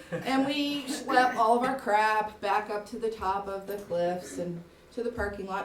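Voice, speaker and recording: A woman tells a funny personal story on a theater stage, her voice swinging up and down with lively expression. She sounds a little off from the microphone, and the big room gives her an echo. Audience noise stays clearly audible behind her. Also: a little high, far from the mic. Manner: wry, animated, self-mocking. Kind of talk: live comic personal storytelling. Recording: roomy live theater recording with audience noise.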